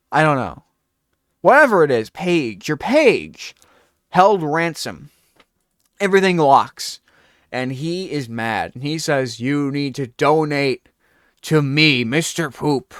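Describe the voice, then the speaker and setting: A man's voice: on the high side, no echo, studio quality. A man hosting a talk show, telling a rambling comedic bit and acting out scenes. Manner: animated, rambling, acts out scenes.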